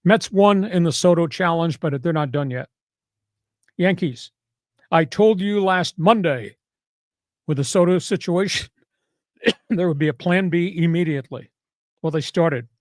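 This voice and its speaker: A man's voice: fairly high pitch, unhurried, long pauses, dry recording, clean studio sound. A man hosting a sports talk podcast in a casual, brash and sarcastic way, with punchy delivery.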